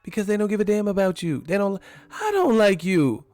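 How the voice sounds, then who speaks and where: A man impersonating a brash, loudmouth male movie cop, squawking rapid put-downs in a shrill voice. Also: big pitch swings, no room sound, faint music behind. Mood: taunting.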